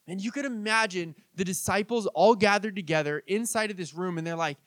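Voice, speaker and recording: A man's voice: sits high, a little fast, fairly bright tone, dry recording. A man in his thirties preaching a conversational sermon, telling stories and acting out quoted voices. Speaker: pastor.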